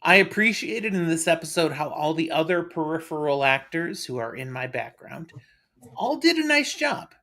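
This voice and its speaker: A man's voice: fairly high pitch, big pitch swings, moderate pace, bright, forceful tone. A man co-hosting a live stream, chatting casually and with enthusiasm. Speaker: podcast co-host.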